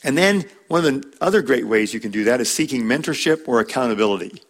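A man's voice: medium pitch, animated, fast. A man teaching a church class on marriage, talking in a conversational way, repeating words and using fillers.

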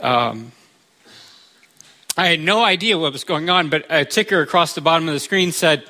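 Un hombre estadounidense de mediana edad que predica con un tono sincero y conversacional, voz algo aguda y muy brillante. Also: male voice, fairly high pitch, moderate pace, bright, forceful tone. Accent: American. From United States. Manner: earnest, conversational storytelling. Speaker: pastor. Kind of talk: sermon.

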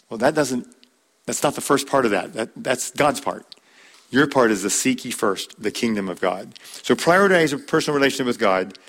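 A man's voice: medium pitch, expressive, moderate pace, a bit bright. A man teaching a church class on marriage, talking in a conversational way, repeating words and using fillers.

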